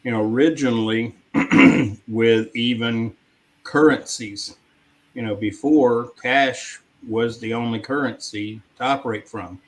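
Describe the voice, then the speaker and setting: A man co-hosting a talk show, speaking in a halting way with many fillers in a casual discussion. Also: mid-range voice, steady tone, low-quality recording. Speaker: co-host.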